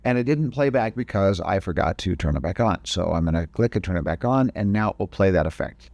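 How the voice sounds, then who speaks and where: A man's voice: low voice, lively intonation, brisk, gravelly, darkish tone, dry recording. A man teaching video editing in a casual, step-by-step screen-recorded tutorial, often correcting himself mid-sentence. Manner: casual step-by-step explaining, frequent self-corrections.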